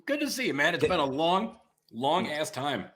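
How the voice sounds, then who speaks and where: A man hosting a casual interview over drinks, firing off dry jokes and quick quips. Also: a little high, big pitch swings, fairly bright tone. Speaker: host.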